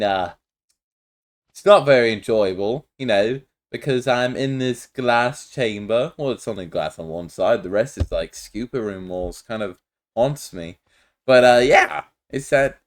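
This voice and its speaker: A man's voice: on the low side, lively intonation, measured pace. A man voicing a gloomy male animatronic in a Minecraft roleplay, grumbling about being locked away.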